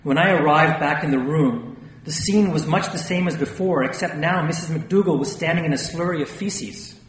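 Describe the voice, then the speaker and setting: A man reading a first-person memoir aloud with a wry, lightly animated delivery. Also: fairly high pitch, normal speed, a little hiss or hum. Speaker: audiobook narrator. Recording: distant, echoey room with long reverb.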